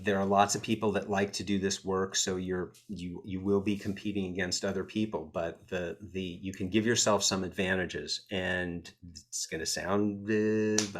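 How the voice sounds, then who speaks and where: Guest: American man, low voice, animated and a little snarky, casual interview storyteller. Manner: animated, self-deprecating storyteller with a snarky edge. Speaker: entertainment attorney guest.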